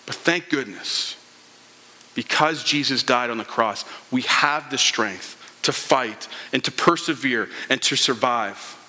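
A man's voice: mid-range voice, unhurried, sharp tone. A man preaching a sermon as a pastor, retelling a parable and acting out the characters' lines. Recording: long hall reverb.

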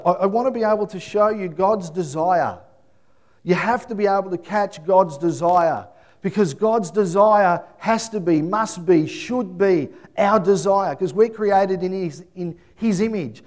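A man, middle-aged, preaching a sermon and telling family stories with lively acted-out voices. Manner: animated storytelling, acts out voices, high excited calling. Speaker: pastor.

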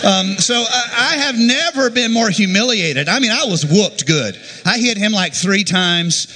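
A middle-aged pastor delivers a sermon with lots of humor, acting out the people in his stories. His voice is bright and ringing, and it swoops up and down with lively expression. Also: high voice, measured pace. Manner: animated, jokey, acts out quotes.

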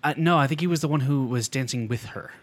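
A man's voice: medium pitch, fast, no echo. Hesitant man in casual chat. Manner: hesitant, repeats words. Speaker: podcast co-host.

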